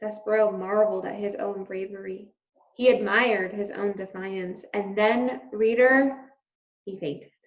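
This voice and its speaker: A woman teacher reading a children's novel aloud with expressive storytelling. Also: mid-range voice. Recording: roomy, slightly dull recording.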